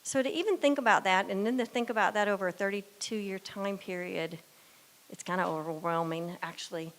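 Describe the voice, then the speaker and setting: Older woman giving a tearful speech. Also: medium pitch. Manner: emotional, halting, fighting tears. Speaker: guide dog graduate. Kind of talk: heartfelt graduation speech.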